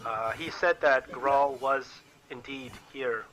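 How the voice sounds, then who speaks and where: A man narrating as dungeon master, describing scenes in a halting way with many repeated words. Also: medium pitch, a bit bright, rough recording. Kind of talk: narrating a tabletop game.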